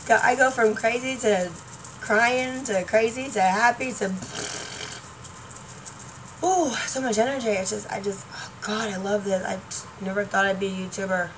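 A middle-aged woman rambles excitedly through a casual home vlog, laughing between thoughts. She sits back from a laptop mic, so her voice sounds somewhat distant, with a faint hum of room noise underneath. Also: mid-range voice, normal speed. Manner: chatty, excitable, laughing often, trailing off. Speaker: YouTuber. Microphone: laptop webcam mic.

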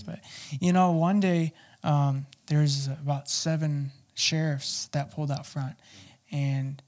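A man telling his personal testimony as an interview guest, talking haltingly with many fillers and restarts. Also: a little high, flat delivery, darkish tone.

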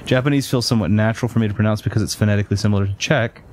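A man's voice: fairly low pitch, very fast, a little mellow, slight background noise. A man hosting a casual gameplay chat, rambling off on tangents with lots of ums and uhs. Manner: rambling, goes off on tangents with many fillers. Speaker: let's play host.

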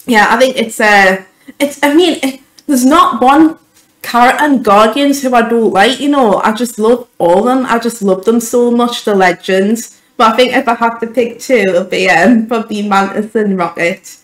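A woman's voice: fairly high pitch, normal speed, reverberant, poor audio. A young woman giving an emotional, gushing reaction to a film trailer, stumbling over her words as a YouTube vlogger. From United Kingdom.

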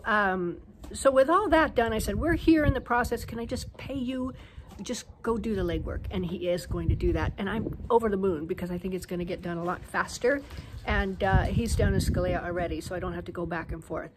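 An American woman talks to her phone camera in a relaxed, chatty vlog, her voice sitting at a middle pitch. She tells stories with lots of fillers, and faint noise hums underneath. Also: low-quality recording. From United States. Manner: chatty storyteller, animated anecdotes with fillers. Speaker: vlogger. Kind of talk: casual vlog chat. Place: home terrace in a hill town.

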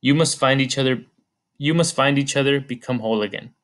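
A man reading the part of a sorrowful ancient female weeping spirit, gentle, solemn and pleading. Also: medium pitch, a little fast, natural voice.

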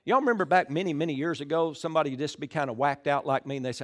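A middle-aged man preaching a sermon in church, calling out to the congregation and swinging between loud bursts and hushed asides. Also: fairly high pitch, rapid-fire. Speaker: pastor. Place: church sanctuary.

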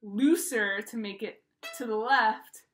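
A woman with a fairly high voice leads a violin lesson for her students. She talks in a playful, encouraging teacher's manner and explains things step by step. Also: slow. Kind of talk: recorded music lesson for students.

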